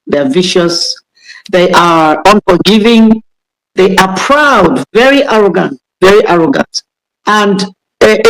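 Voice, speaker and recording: A woman's voice: mid-range voice, rough recording. A Nigerian woman pastor teaching in an interview, repeating key words for emphasis. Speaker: pastor and guest speaker.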